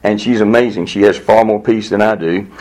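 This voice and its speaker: An older man teaching a Sunday school class in an earnest, candid way, full of restarts and sudden high-pitched exasperation. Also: steady tone, fairly quick, a little mellow. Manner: earnest, candid, many restarts, rising to high exasperated voices when quoting himself.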